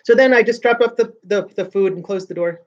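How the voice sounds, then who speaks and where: A man's voice: high voice, a little fast, lo-fi sound. A man hosting his own vlog in casual chat, rambling along with frequent restarts and sentences that trail off. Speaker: vlogger host.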